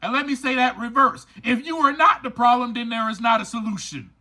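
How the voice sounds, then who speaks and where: High, bright-voiced man preaching self-acceptance. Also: fairly quick. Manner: emphatic, preachy, repeats lines for stress; speaks straight to listeners, informal. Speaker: podcast host. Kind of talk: motivational recovery podcast monologue.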